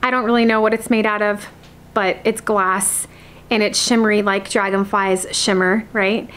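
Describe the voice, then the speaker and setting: A woman in her thirties chatting casually to her viewers from her home, friendly and talkative, sometimes cooing at her cat in a high voice. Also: fairly even intonation, moderate pace, a bit bright. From Alaska. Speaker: homestead vlogger. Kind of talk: casual vlog chat to viewers. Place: at home indoors.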